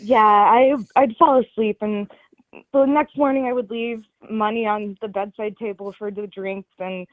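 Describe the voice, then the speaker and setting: A woman calling in to a livestream to deliver a deadpan, hesitant roast. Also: medium pitch, a little slow, dry recording. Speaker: caller. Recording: tinny phone line.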